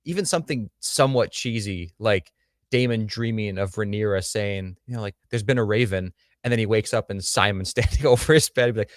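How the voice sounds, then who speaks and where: A man's voice: fairly low pitch, fairly quick, no room sound, clean studio sound. A man co-hosting a TV review livestream, opinionated and joking, with casual swearing. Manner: opinionated, animated, swears and jokes. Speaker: podcast co-host.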